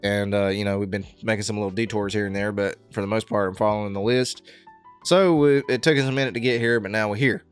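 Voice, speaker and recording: A man hosting a reaction video, talking casually and thoughtfully, pausing with lots of fillers. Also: fairly low pitch, fairly even intonation, smooth, soft background music. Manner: thoughtful, halting, with many fillers. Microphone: headset.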